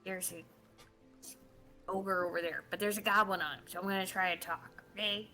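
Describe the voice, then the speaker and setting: A woman voicing a small, friendly female goblin adventurer who gives a hushed, conspiratorial warning. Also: medium pitch, steady tone, moderate pace, faint music behind, voice pushed down.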